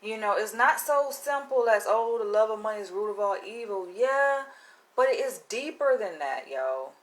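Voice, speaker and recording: A woman's voice: medium pitch, expressive, normal speed. Slangy, emphatic woman vlogger. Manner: slangy, emphatic, profane, conspiratorial. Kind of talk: casual monologue to camera.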